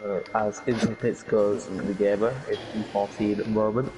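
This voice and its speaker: A man doing live commentary on a sim racing session, conversational and quick to react with exclamations. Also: fairly low pitch, little pitch movement, background noise.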